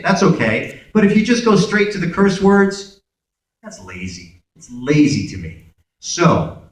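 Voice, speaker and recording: Recorded by an audience camera far back in a large, very echoey convention hall, a Brooklyn man with a medium-pitched voice tells stories as a guest at a Q&A. He's animated and acts out dialogue in different voices.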